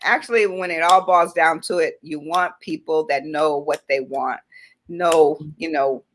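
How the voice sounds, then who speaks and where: A woman's voice: deep voice, a little slow, slight background noise. Encouraging woman hosting a faith talk show. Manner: encouraging, affirming, frequent "right". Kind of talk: faith-based casual chat.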